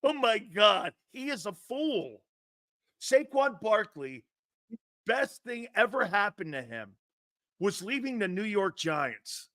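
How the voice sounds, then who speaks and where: A man's voice: high voice, very animated, slow, bright, forceful tone, dry recording, clean studio sound. A man hosting a sports talk show, giving brash, mocking opinions and laughing often.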